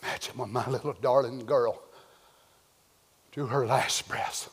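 A man preaching a sermon, moving from hushed whispers to shouted cries as he acts out the voices he quotes. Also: medium pitch, fairly even intonation, unhurried, pauses often, big-room sound, a little hiss or hum. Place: church.

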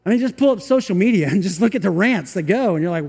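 A man's voice: high-pitched, expressive, fast, breathy edge. A man preaching a sermon in a chatty way, acting out little voices and whooping now and then. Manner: conversational, acts out little voices, shouts of "woo". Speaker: pastor. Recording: long reverb from a large room.

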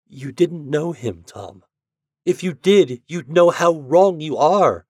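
A man's voice: a little high, lively intonation, slow pace, darkish tone, slightly rough, dry recording, clean studio sound, pitched above the performer's own voice, exaggerated voice. A man reading a story and voicing a frightened young woman who pleads through tears. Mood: pleading.

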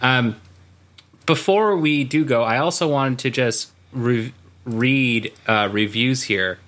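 A man's voice: medium pitch, takes it slowly, a bit bright. A man co-hosting a podcast in casual chat, rambling and laughing at his own jokes. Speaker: podcast co-host.

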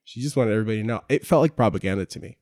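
A man's voice: on the low side, rapid-fire, a little mellow, dry recording, clean studio sound. A man co-hosting a casual chat, talking in a wry, joking, mock-serious way.

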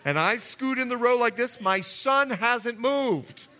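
A man preaching a sermon as pastor, telling a story with jokey asides and swinging between loud and hushed delivery. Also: extremely high pitch, expressive, slow.

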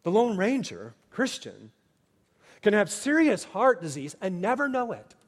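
A man delivering a sermon as pastor, earnest and shifting between hushed, quiet passages and emphatic, raised ones. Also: high voice, wildly swooping pitch, a little slow. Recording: long hall reverb.

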